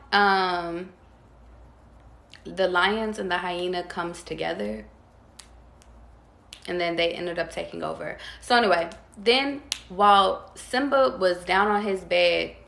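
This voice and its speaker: Tarot reader, woman, calm and drawn-out delivery, low gravelly voice. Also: roomy sound. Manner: calm, drawn-out, talks straight to viewers. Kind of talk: casual tarot reading.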